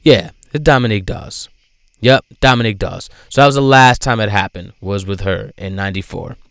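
A man giving casual commentary in a profane, animated way, swinging between loud outbursts and low asides. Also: a little fast, gravelly, clear, resonant tone, no echo, clean studio sound. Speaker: vlogger.

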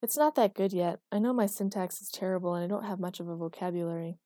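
A woman's voice: lowish voice, fast, warm tone, no room sound, clean studio sound, close to an everyday voice. A woman voicing a blunt, literal-minded young woman who asks frank, curious questions.

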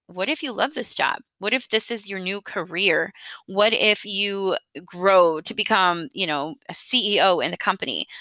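A woman's voice: mid-range voice, sharp tone, dry recording. A woman in her thirties hosting a podcast alone, talking in a chatty, earnest way and laughing lightly now and then. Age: 30s. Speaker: podcast host. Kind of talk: casual solo podcast monologue.

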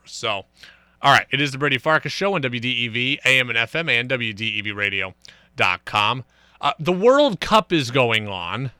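A young man hosts a sports talk radio show, chatting in an energetic, emphatic way. His voice is very bright and crisp, sitting a bit high. He is recorded dry and close on a studio microphone. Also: normal speed, no echo.

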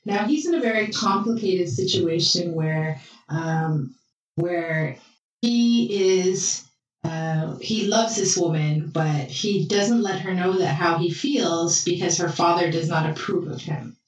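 A woman's voice: fairly low pitch, slow. Brief: easygoing woman storyteller, mic at a distance, very roomy sound. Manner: relaxed storytelling with fillers. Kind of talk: casual chat recapping a TV drama. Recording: echoey room, far from mic, faint music.

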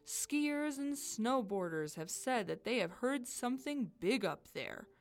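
A TV newscaster giving a friendly warning in an announcer's cadence, read out by a woman. Unhurried and lively in pitch. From a children's storybook. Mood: cautionary. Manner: announcer-like, cautionary.

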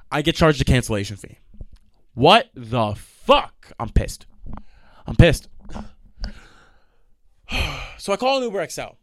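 A young man telling a profane, animated storytime rant, acting out the people in his stories. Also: mid-range voice, dry recording, studio quality. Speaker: vlogger. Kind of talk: ranting storytime monologue.

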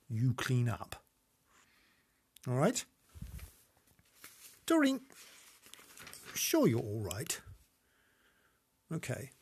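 A man's voice: on the high side, darkish tone, slightly rough. A man hosting a comic podcast monologue, camp and theatrical, swooping between squeals and mutters. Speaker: podcast host.

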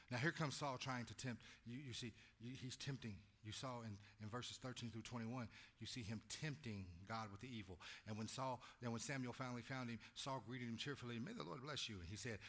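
A male pastor preaching, drawing the congregation into call-and-response and swinging from quiet talk to loud shouts. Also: medium pitch, fairly quick. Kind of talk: sermon.

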